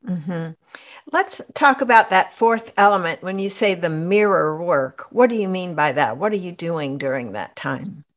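A woman's voice: fairly low pitch, expressive, measured pace. A woman hosting a podcast interview, attentive and asking short questions. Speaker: podcast host. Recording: dull lo-fi audio.

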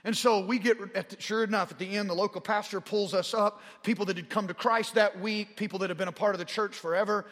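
Man, Southern drawl, forties, preacher, fervent storytelling, high voice. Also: steady tone, quick pace, few pauses, a bit bright. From Arkansas. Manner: rising in pitch and volume as he gets fervent. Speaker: pastor. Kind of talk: sermon storytelling. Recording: long hall reverb.

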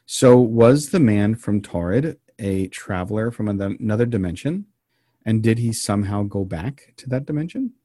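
A man co-hosting a podcast, telling an odd story in a casual, meandering way with deadpan jokes. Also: lowish voice, moderate pace, no echo, clean studio sound. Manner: deadpan joking, meandering with frequent ums.

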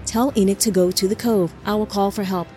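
A woman's voice: mid-range voice, steady tone, a little fast, mellow, faint music behind, natural voice. A woman voicing a fierce male angelic warrior who gives curt commands. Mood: stern.

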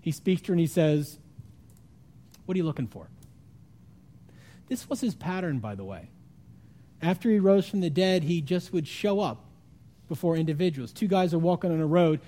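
A man preaching a sermon, retelling a story with animated, acted-out voices and sudden drops to a hushed tone. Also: a little high, brisk. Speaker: pastor.

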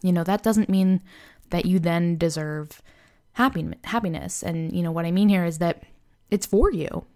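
Young woman doing a solo motivation podcast, kinda low voice, rambly and candid, lots of likes and you knows. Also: moderate pace, mellow. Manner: chatty, loose, filled with "like" and "you know"; candid and self-deprecating. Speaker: podcast host. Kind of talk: casual motivational podcast talk.

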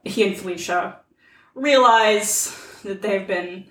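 A woman's voice: medium pitch, slow, a bit bright, reverberant, distant mic, rough recording. A woman co-hosting a casual podcast chat, retelling movie scenes with quoted lines. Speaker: podcast co-host.

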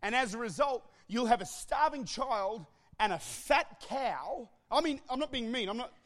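Male pastor, very high pitch, shouting sermon with quips. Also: expressive, normal speed. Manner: impassioned preaching, often shouting, with joking asides.

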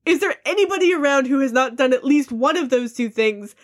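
A woman's voice: high-pitched, expressive, a little fast. A woman co-hosting a video game podcast in casual chat, frank and swearing freely. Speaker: podcast co-host.

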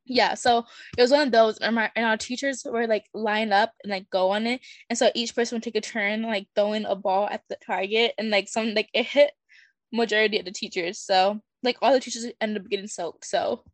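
A woman's voice: medium pitch, fairly even intonation, a little fast, dry recording. Teen girl rambling thru a school story, like like like, dry close sound. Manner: rambling, many fillers. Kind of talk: casual storytelling.

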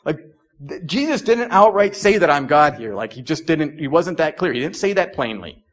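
A man's voice: a little high, very animated, normal speed. A young adult man preaching a sermon as pastor in a conversational way, with frequent "like"s and restarts.

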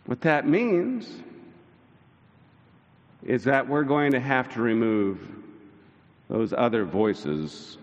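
A male pastor preaching a sermon, telling the story with lively mimicry of the disciples. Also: slow, pauses often, lo-fi sound. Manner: animated storytelling, mimicking disciples in high voices. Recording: church hall reverb.

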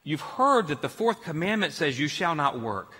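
A man's voice: a little high, normal speed, slightly rough, big-room sound. A man preaching a sermon as pastor, telling stories with laughs. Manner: storytelling, animated with laughs.

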